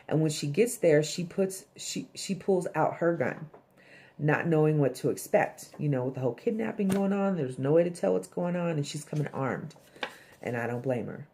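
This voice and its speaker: Low, mellow-voiced woman recapping a show. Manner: chatty, blunt, swears, acts out characters' lines. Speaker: TV episode reviewer. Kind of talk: casual episode recap.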